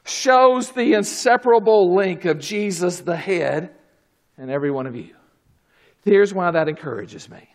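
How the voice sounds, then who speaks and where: A man preaches a sermon in a very high, gravelly voice, taking his time over each phrase. He drops into quiet asides and then bursts into shouted exclamations, calling out praises along the way. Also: lively intonation, a little slow. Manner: calls out "glory, hallelujah".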